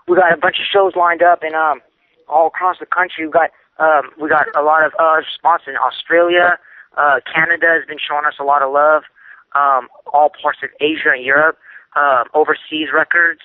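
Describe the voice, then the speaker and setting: A man's voice: fairly high pitch, dry recording. A man calling in by phone as an engineer and manager, rambling with many fillers. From San Francisco Bay Area. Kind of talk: phone-in update. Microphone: telephone. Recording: dry tinny phone line.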